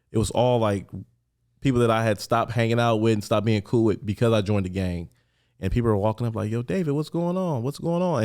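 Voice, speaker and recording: Animated male podcast guest telling stories. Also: fairly low pitch. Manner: animated, acts out quoted voices, many "like" fillers. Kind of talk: conversational storytelling.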